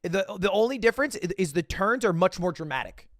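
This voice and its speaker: A young man livestreaming, casually telling a story to his chat, swinging between loud bursts and low asides and acting out the dialogue. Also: sing-song, fast talker, no room sound, clean studio sound. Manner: acts out quoted dialogue.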